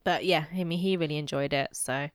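A woman's voice: deep voice, a little fast, smooth, no room sound, studio quality. A woman co-hosting a podcast from home, talking in a teasing, matter-of-fact way. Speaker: podcast co-host. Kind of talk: casual chat.

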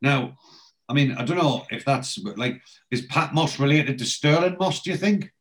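A man's voice: a little high, normal speed, low-quality recording. A man hosting a casual chat, retelling TV scenes and quoting the characters' lines in a storytelling way. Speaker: podcast host.

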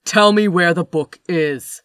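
A woman voicing a stern, cold male boss who talks in a slow, clipped, menacing way. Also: fairly low pitch, a bit bright, clean tone, no echo, studio quality. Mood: cold menace.

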